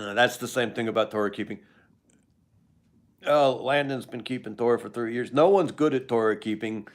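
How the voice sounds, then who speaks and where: An older man hosts a live stream, rambling and joking as he answers viewers. His voice sits at a middle pitch, and his talk is loose and conversational. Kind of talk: casual live stream chat.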